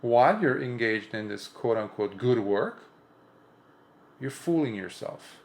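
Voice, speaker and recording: Man, Buddhist monk, impromptu dharma talk, gravelly voice, earnest and emphatic, frequent restarts. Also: expressive, measured pace. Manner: earnest, emphatic, rising in pitch for repeated points, with frequent restarts.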